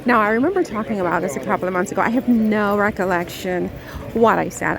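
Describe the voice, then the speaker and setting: A woman's voice: medium pitch, animated, moderate pace, vocal fry, a crowd in the background, rough recording. A woman vlogging as she walks outdoors, talking theatrically and dramatically, swinging between playful and indignant. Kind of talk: casual vlog, walking outdoors. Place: outdoors by a river in a city. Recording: outdoor street noise behind.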